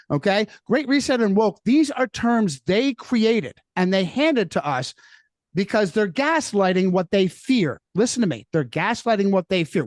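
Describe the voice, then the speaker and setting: A man's voice: sits high, dry recording. A man speaking as a podcast guest in casual chat, making emphatic points that he repeats for weight, often ending on "okay?". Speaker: guest author.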